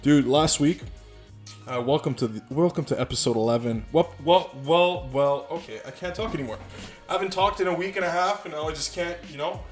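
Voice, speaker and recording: A man hosting a podcast, talking casually in a halting way with restarts and the odd curse. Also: fairly high pitch, soft background music. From Canada. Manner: halting, many fillers and restarts, sometimes swearing. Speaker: podcast host.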